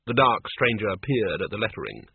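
Man narrating a storybook, wry and expressive, lively pitch, tinny phone-like sound. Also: brisk, creaky, breathy edge, no room sound. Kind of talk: audiobook narration. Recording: dry, tinny phone-like audiobook.

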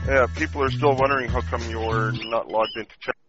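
A man from Canada co-hosting a casual show, speaking in a relaxed, somewhat hesitant way. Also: mid-range voice, a little fast, music in the background. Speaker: co-host. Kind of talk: casual live show banter. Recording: muffled lo-fi internet radio.

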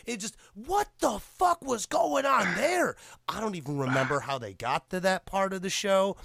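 A man with a high, bright voice chatters excitedly in casual conversation, cursing freely and laughing often. The sound is dry and close, with no room around it. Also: normal speed, creaky, dry recording. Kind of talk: casual chat.

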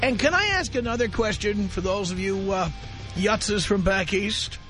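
High-voiced, provocative talk radio host man. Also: normal speed, pushed and bright, soft background music. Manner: provocative, emphatic, repeats his catchphrase. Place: radio studio. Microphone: studio microphone.

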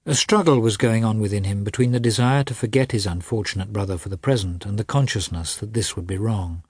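A man narrating an audiobook with a steady, expressive reading. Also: on the low side, a little fast, hardly any pauses, husky, no echo, clean studio sound.

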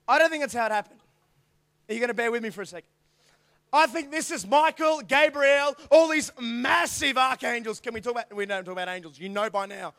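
A male youth preacher with a strikingly high voice delivers a lively sermon. He drops to quiet asides and then builds to shouted lines, acting out scenes as he goes. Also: fairly quick. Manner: animated, acts out angels' voices, swings from quiet asides to shouts. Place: church youth hall.

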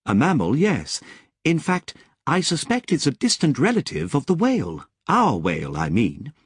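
A man voicing a calm, knowing male guide in an audiobook, who talks in measured, lecturing explanations. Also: a little high, breathy edge, no echo, clean studio sound, voice pushed up, full character voice. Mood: explaining.

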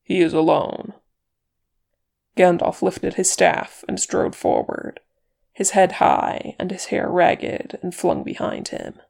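Slow, heavily gravelly story narrator. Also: mid-range voice, very animated, darkish tone. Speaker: audiobook reader. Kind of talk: fan fiction narration.

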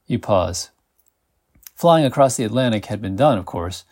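A man hosting a podcast, reading an interactive adventure story aloud in a measured way and slowing down when he speaks to the listener. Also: lowish voice, lively intonation, a little mellow. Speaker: podcast host.

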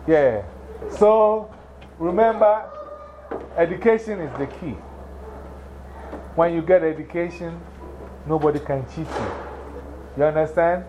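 A man's voice: on the high side, a little slow, long pauses, muffled recording, noisy background. African-accented man giving a motivational classroom talk. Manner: emphatic, repeats points and checks understanding with questions. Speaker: guest speaker to schoolchildren. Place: school classroom.

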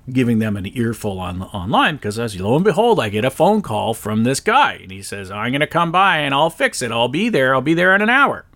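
A man in a mid-range voice tells a long personal story as a podcast host. He sounds exasperated and animated throughout. His voice jumps up sharply when he quotes what he said. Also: mid-range voice. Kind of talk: casual storytelling monologue.

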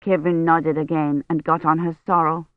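A woman narrating an audiobook in a measured, even storytelling manner. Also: deep voice, no echo, narrow, tinny audio. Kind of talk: scripted narration.

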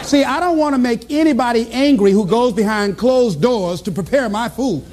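A man with a strikingly high voice delivers a motivational speech to a live audience. His pitch swings widely as he tells stories, and he breaks into shouts and laughter. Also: normal speed, crowd noise, background noise. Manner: animated storytelling, bursts into shouts and laughter. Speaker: motivational speaker.

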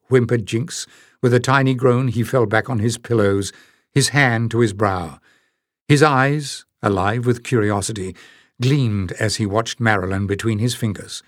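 A man narrating an audiobook in a measured, even way. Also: mid-range voice, no room sound, clean studio sound. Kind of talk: scripted narration.

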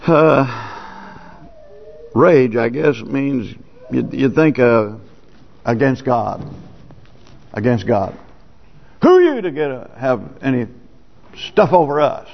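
A man's voice: medium pitch, sing-song, slow, creaky, pauses often. A man, a pastor, preaching a sermon in a plain, folksy, conversational way. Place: church sanctuary. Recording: dull lo-fi church recording with long reverb.

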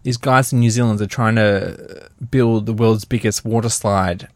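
A man's voice: lowish voice, steady tone, measured pace, no echo. A man co-hosting a podcast in casual chat, rambling and laughing through his jokes. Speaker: podcast co-host.

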